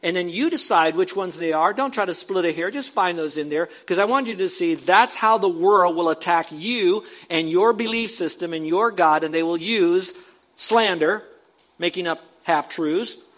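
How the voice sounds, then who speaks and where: A male pastor with a fairly high voice delivers a sermon. His delivery is emphatic, punching key words loudly and then falling to low asides. He stops his scripture reading to comment on it. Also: normal speed. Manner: reads scripture aloud and breaks in with comments.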